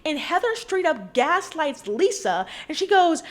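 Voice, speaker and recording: A woman's voice: very high voice, sing-song, unhurried. A woman giving a casual, opinionated recap of a reality show and talking straight to the cast members.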